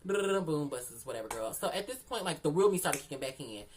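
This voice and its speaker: A woman's voice: low-pitched, lively intonation, fast talker, a little mellow, slight background noise. A woman telling a candid, profane story in casual vlog chat, repeating phrases for emphasis and calling the listener "girl". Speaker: storyteller vlogger.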